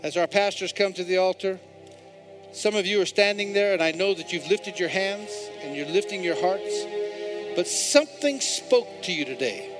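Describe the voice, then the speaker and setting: A male pastor preaching a sermon in a church, swinging between hushed, intimate passages and loud, repeated calls to the congregation. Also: high-pitched, normal speed, music in the background. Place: church sanctuary.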